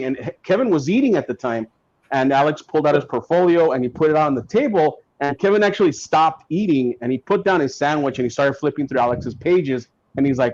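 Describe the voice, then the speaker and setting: A man guest on a podcast, telling stories in a casual, animated way and acting out what others said. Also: a little high, brisk. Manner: animated, acts out quotes from people in his stories. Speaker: guest comic writer. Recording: dull lo-fi sound.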